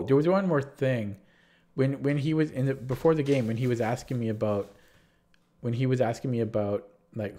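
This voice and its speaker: A man's voice: lowish voice, mellow. A man with a sore throat, casually recapping his chess games on a livestream, rambling and restarting sentences as he retells what happened. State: sore throat, feeling sick.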